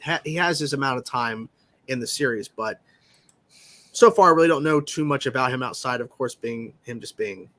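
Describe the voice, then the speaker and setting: A man's voice: mid-range voice, normal speed, a bit bright. A man hosting a live stream, chatting casually and rambling with many restarts. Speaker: stream host.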